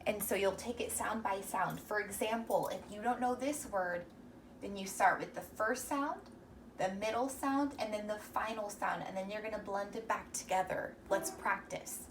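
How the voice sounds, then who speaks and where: A young woman teacher gives a reading lesson to young children, speaking slowly and encouragingly as she sounds out words sound by sound. Her mid-range voice is far from the mic, with slight background noise.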